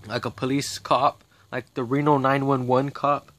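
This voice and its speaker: A man's voice: mid-range voice, little pitch movement, normal speed, fairly bright tone, no echo. Man ranting, profane and rambling. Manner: profane, agitated, rambling with frequent restarts. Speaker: vlogger. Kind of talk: rambling monologue rant.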